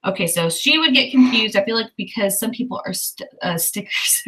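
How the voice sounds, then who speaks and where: A woman with a Southern US accent hosts a relaxed writing livestream. Her voice is bright and forward, and she thinks aloud in a chatty, easygoing way, filling pauses with plenty of ums. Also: mid-range voice, rough recording. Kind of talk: casual livestream chat.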